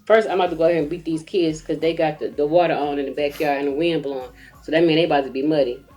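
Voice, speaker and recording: Animated comic mom telling a story. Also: female voice, low voice, fast, faint music behind. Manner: animated and comic, acts out voices. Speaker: mother. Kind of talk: casual storytelling rant.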